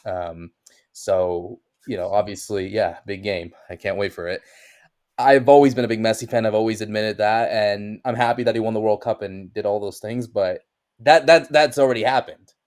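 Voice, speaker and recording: Rambling young man with a lowish voice. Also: normal speed, darkish tone. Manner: rambling, heavy use of "like" and restarts. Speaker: podcast guest. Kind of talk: casual chat.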